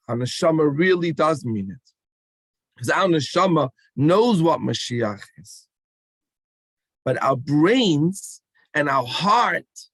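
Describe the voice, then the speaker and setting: A man's voice: fairly high pitch, dry recording. A man giving an emphatic call-and-response talk to children at a rally. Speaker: speaker addressing children.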